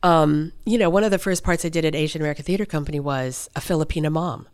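A middle-aged actress and voice performer telling stories in a conversational interview, her pitch jumping up for emphasis. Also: fast, clear, resonant tone. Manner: animated storytelling, pitch jumps for emphasis.

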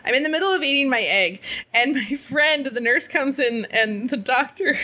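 A young woman casually telling a story, animated and swearing freely, acting out quoted lines as she laughs. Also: high-pitched, moderate pace.

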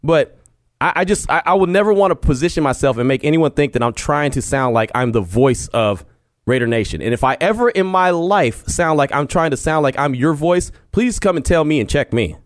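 A man's voice: on the high side, expressive, brisk, no room sound, clean studio sound. A man hosting a casual sports podcast from home, talking earnestly with frequent restarts and easy laughs. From Texas. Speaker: podcast host. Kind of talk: casual sports talk monologue. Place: home studio.

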